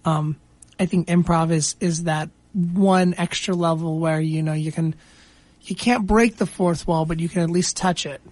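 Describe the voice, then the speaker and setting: A woman's voice: lowish voice, steady tone, moderate pace, darkish tone, no room sound, low-quality recording. A young woman co-hosting a college radio show, talking in a bubbly, enthusiastic and playful way. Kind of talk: casual radio chat.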